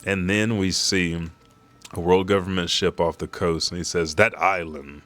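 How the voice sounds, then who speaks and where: A man's voice: low voice, fairly even intonation, moderate pace, a bit bright. A man hosting a weekly live read, reading a comic chapter aloud and reacting casually, swearing freely between the lines.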